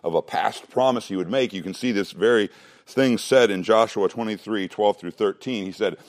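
A man's voice: lowish voice, animated, a little fast. A man preaching a sermon, earnest and emphatic, often restarting words and asking rhetorical questions.

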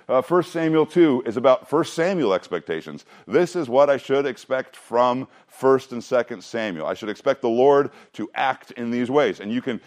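A man's voice: medium pitch, darkish tone. A man leading a Bible study, teaching casually, asking the group questions and joking as he goes. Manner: conversational, asks the room questions, jokes, restarts.

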